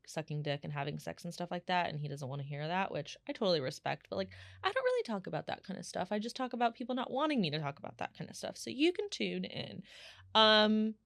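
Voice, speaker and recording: A woman in her thirties talks through a solo podcast, chatty and animated, piling on fillers as she tells her stories. Her voice sits on the lower side. The sound is dry and close, with no room echo. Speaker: podcast host. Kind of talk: casual solo podcast chat.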